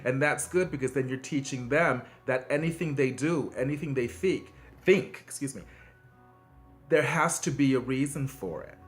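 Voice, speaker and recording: Man, mid-pitched, earnest conversational advice host, many fillers, soft music underneath. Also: moderate pace. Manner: conversational, frequent fillers and restarts; earnest and encouraging, emphatic swings in pitch. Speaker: video host giving parenting advice. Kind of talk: casual advice monologue.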